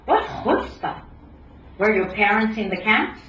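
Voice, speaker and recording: A woman's voice: medium pitch, lively intonation, measured pace, fairly bright tone, a little hiss or hum. A woman voicing an indignant post-Soviet immigrant woman who argues in heated outbursts. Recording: roomy hall, distant dull mic.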